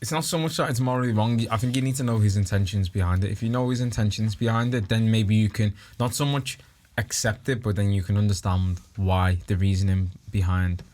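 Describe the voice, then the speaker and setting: A man's voice: lowish voice, fairly even intonation, brisk, hardly any pauses, darkish tone. A young man, co-hosting a podcast in laid-back, reflective casual chat. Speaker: podcast co-host.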